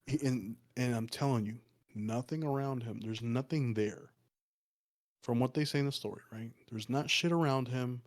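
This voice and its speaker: A man's voice: medium pitch, normal speed. Man casually retelling a folk tale. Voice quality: loose, profane, rambling with many fillers. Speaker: podcast co-host. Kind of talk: casual storytelling.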